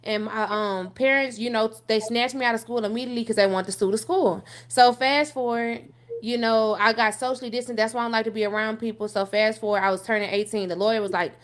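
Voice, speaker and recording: A young woman talks through her own past. She is blunt and profane. She keeps pushing the story on with "so fast forward". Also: fairly high pitch, fairly even intonation. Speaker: guest telling her life story. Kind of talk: candid personal storytelling on a call-in show.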